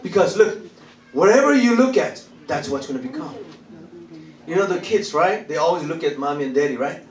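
A male pastor with a fairly high voice delivers a sermon, leaning on repetition and call-and-response. He laughs often and keeps prompting his listeners to answer. The sound is roomy and echoey, as if picked up from a distance in a church hall. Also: lively intonation, brisk, darkish tone. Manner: emphatic, repeats phrases, laughs often, calls for replies.

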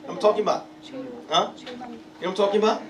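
A high-pitched man leads a lively church Bible study, joking and laughing between calls for responses. His voice carries from a distance through an echoing hall while the congregation murmurs around him. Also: fast talker. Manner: playful, teasing, laughs often, calls for responses. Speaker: pastor leading Bible study. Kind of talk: interactive sermon with congregation. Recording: echoey room, from far off, crowd.

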